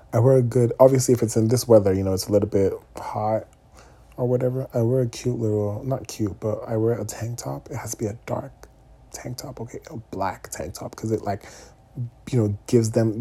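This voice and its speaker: A young man talking casually to his viewers, candid and animated, often checking in with "okay?" asides. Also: medium pitch, breathy edge. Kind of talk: casual vlog monologue.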